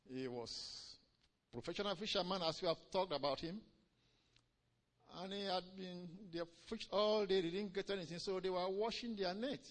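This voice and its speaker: A man preaching a sermon, swinging between loud emphatic lines and low quiet ones, drawing out key words and calling "Amen?" to the congregation. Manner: drawn-out stresses on key phrases.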